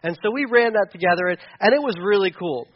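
A man's voice: sits high, animated, quick pace, muffled recording, slight background noise. A middle-aged man preaching, telling a personal story candidly with a self-deprecating touch and many fillers and restarts. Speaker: pastor. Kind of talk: sermon storytelling.

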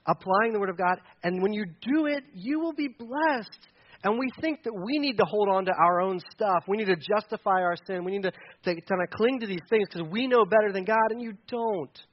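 A man's voice: sits high, highs cut off. A man in his thirties preaching a sermon as pastor, passionate and conversational, slipping into mocking voices to make his point.

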